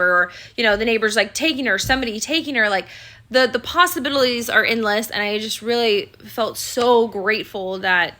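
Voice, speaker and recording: A woman's voice: mid-range voice, pushed and bright. A mother telling an emotional personal story in a casual vlog, rambling with many fillers.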